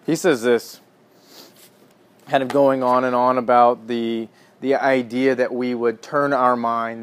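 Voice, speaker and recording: A man leads a teaching sermon in a relaxed, conversational way. He speaks earnestly, rising to emphatic bursts and then sinking to a quiet hush. His voice sits at a middle pitch. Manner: earnest, animated, swings from emphatic to hushed. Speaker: pastor or Bible teacher.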